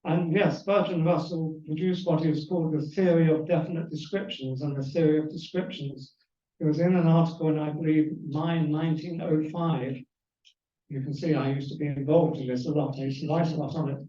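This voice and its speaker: A man's voice: a little high, fairly even intonation, brisk, mellow. An older man giving a talk on philosophy to a club, digressing into anecdotes about old philosophers. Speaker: guest speaker. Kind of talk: lecture with anecdotes. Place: club meeting room. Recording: roomy hall, far from the mic, dull.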